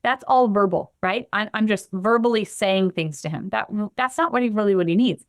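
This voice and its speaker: A woman guest on a podcast explaining her practice in an animated way, acting out the voices of the people in her examples. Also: medium pitch, moderate pace, dry recording, clean studio sound. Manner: animated, acts out the quotes she gives. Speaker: guest, somatic trauma practitioner.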